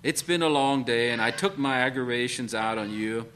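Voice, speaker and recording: A preacher doing a gruff, tired father. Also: mid-range voice, moderate pace, fairly bright tone, lightly acted. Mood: apologetic. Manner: gruff, short-tempered. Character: tired, irritable working father.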